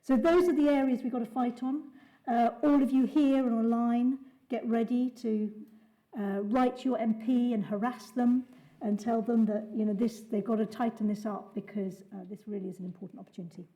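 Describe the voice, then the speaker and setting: A woman's voice: on the high side, steady tone, moderate pace, dark tone, poor audio. A woman speaking on a panel, urgent and persuasive, with frequent ums and uhs. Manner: urgent, persuasive, many fillers. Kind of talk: panel talk.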